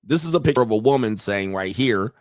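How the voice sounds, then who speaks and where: A man's voice: lowish voice, lively intonation, brisk, no echo, clean studio sound. A man hosting a reaction commentary, brash and mocking, with loose slang. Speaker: commentary host.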